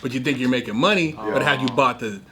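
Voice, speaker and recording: A man telling stories in casual conversation, animated, acting out other people's lines. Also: medium pitch, fast, a crowd in the background. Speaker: guest. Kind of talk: casual storytelling.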